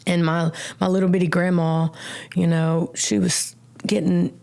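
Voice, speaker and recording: Gruizige vrouw die levendig vertelt. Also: female voice, fairly low pitch, measured pace, creaky, clean tone. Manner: animated storytelling with casual slang and acted-out quotes. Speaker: guest. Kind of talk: personal testimony in a podcast interview.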